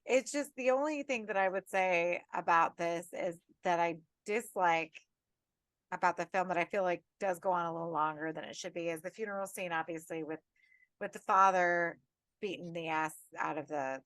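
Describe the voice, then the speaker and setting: A woman co-hosting a casual horror podcast, ranting with lots of swearing in an animated, tipsy way. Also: lowish voice, moderate pace, no echo. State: tipsy and tired. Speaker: podcast co-host.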